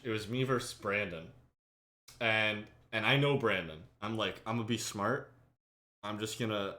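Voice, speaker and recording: Male podcast host, bright and forceful tone, animated storyteller who voices the quotes. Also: fairly low pitch. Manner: animated, acts out friends' lines loudly, laughs. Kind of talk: casual storytelling chat.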